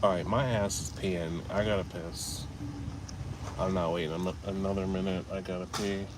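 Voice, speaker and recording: A man's voice: low-pitched, fairly even intonation, moderate pace. A man rambling casually as he walks city streets and alleys, telling stories and reading chat, with faint traffic behind him. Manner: rambling, storytelling, swears casually. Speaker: vlogger. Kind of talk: casual walking vlog with live chat.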